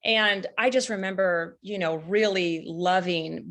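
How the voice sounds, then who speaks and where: A woman's voice: on the low side, a little slow. Rambling woman author on a video call. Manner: relaxed, rambling, fillers like "you know". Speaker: cookbook author. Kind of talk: casual conversation.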